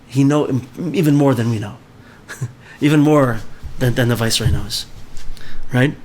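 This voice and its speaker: A man's voice: mid-range voice, a little slow, a little mellow, a little hiss or hum. A man leading a book club, reading a story aloud and explaining it conversationally, often checking in with his listeners.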